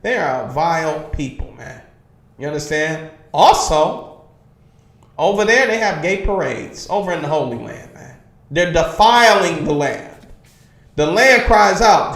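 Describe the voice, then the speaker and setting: A man's voice: a little high, creaky, a bit bright, roomy sound. A man teaching a religious class in a preaching style, emphatic and insistent, asking his listeners whether they understand. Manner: emphatic, constantly asks "you understand?" and says "man". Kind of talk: preaching lecture to a streamed class. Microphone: livestream computer mic.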